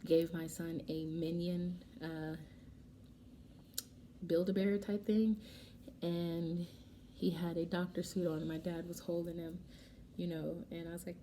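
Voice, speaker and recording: A young adult woman vlogger casually telling a personal story while doing her makeup, animated and emotional, acting out what people said. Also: fairly low pitch, unhurried, a little hiss or hum. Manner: emotional, animated retelling with quoted dialogue. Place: home, getting ready.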